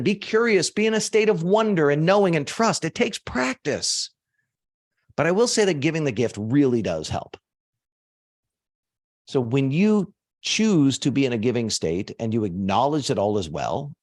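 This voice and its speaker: A man teaching a motivational lesson in a conversational, emphatic way, with casual swearing. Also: mid-range voice.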